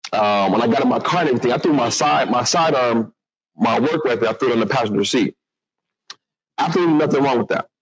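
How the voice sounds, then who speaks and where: A man telling a personal story to an audience in a lively, animated way. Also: mid-range voice, poor audio. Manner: animated, acts out other voices, restarts a lot.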